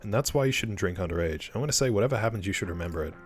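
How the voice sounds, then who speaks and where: A man's voice: lowish voice, lively intonation, rapid-fire, faint music behind. A man casually commenting while playing a visual novel, joking and self-mocking.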